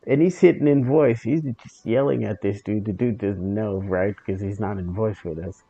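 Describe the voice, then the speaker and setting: Gravelly, blunt, swearing man telling a gaming story. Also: on the low side, moderate pace, warm tone. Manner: blunt, sarcastic, swears freely, restarts often. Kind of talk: casual profane storytelling. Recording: dull lo-fi with faint music.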